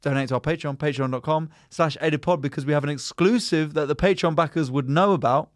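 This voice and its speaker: A man co-hosting a comedy podcast, chatting casually, laughing often and breaking into loud comic voices. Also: on the high side, fast, no echo, studio quality. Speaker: podcast co-host.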